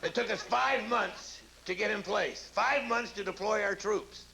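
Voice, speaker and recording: A man's voice: high-pitched, a little slow, gravelly. A man doing a mocking stand-up routine and talk show banter before a live audience. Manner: animated, mocking, puts on silly voices. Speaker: stand-up comedian and guest. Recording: live studio audience laughter and noise.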